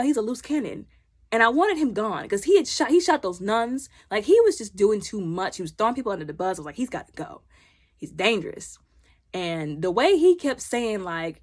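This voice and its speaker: Animated woman recapping a TV episode. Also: mid-range voice. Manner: animated, acts out the characters' lines when retelling scenes. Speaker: TV show reviewer. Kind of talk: casual recap chat.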